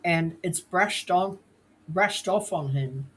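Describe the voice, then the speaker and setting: A podcast co-host with a New Zealand accent, talking slowly and hesitantly in casual chat. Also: medium pitch, fairly bright tone, a little hiss or hum. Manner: slow, hesitant, with fillers.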